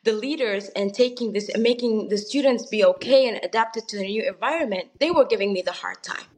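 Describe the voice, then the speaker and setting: A woman's voice: medium pitch, a little fast, a little mellow. A woman from Sudan, a guest on a podcast, describing a struggle in an earnest, plainspoken way. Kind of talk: casual conversation.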